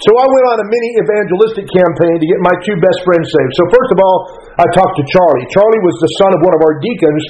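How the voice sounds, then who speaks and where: Folksy fast-talking man. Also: sits high, expressive, a little mellow, poor audio. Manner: folksy, earnest, self-correcting storyteller. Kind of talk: personal storytelling talk.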